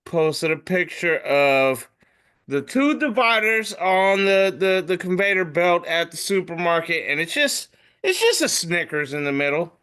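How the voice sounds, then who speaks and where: A man hosting a podcast, casually describing memes and jumping into animated voices for the captions. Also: sits high, a little slow, clear, resonant tone. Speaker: podcast host.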